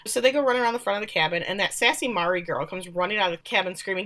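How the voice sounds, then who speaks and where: Woman co-host, casual show recap, animated delivery, mid pitch. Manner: animated, acts out characters' lines in quick voices. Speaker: podcast co-host.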